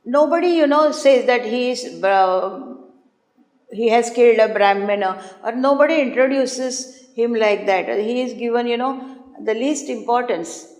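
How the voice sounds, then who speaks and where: A woman giving a measured, explanatory lecture on a classical play, reciting verses and pausing often to explain. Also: a little high, darkish tone. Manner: slow, measured explaining with frequent "you know". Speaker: lecturer on Sanskrit drama. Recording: roomy hall with long reverb.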